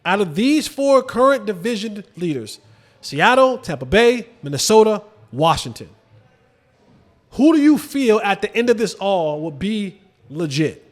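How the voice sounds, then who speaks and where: A man hosting a sports show, talking casually about football with lively swings and rhetorical questions to viewers. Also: measured pace. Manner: animated, drops to low emphatic asides, rhetorical questions to viewers. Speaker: sports podcast host. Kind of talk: casual football commentary to camera.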